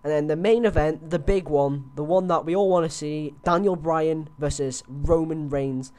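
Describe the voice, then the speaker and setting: A young man talks casually into a headset, rambling with frequent fillers and restarts. His voice sits somewhat high for a man. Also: steady tone, moderate pace, a little mellow. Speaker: host. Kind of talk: casual wrestling predictions chat.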